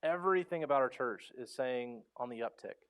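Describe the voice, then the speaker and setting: A man in his thirties preaching a sermon in a church, passionate and conversational, rising to loud pleas and dropping to soft, quiet lines. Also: medium pitch, a little fast, clean tone. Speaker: pastor. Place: church sanctuary.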